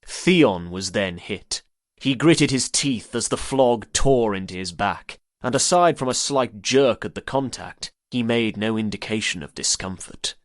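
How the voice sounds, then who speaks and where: A man reading a first-person story as an audiobook narrator, in a measured, even way. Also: on the low side, dry recording, clean studio sound.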